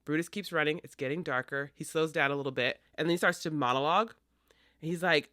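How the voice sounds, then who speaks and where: A man's voice: a little high, fast talker, no echo, clean studio sound. A man co-hosting a podcast, casually retelling a stage play and acting out the characters' lines. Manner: animated storyteller acting out lines. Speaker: podcast co-host.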